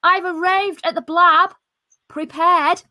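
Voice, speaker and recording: A woman's voice: very high voice, steady tone, takes it slowly, bright, forceful tone, no room sound. A British woman hosting a live stream on a video call, in casual, jokey chat with mild swearing.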